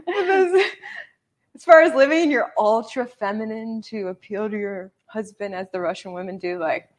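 A woman's voice: mid-range voice, fairly quick. A woman hosting a casual livestream chat, blunt and joking, often laughing as she talks. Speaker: host.

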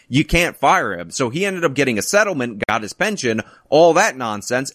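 A man's voice: mid-range voice, a bit bright, dry recording, clean studio sound. A man hosting a commentary video who talks in an indignant, emphatic way. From New York. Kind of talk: political commentary.

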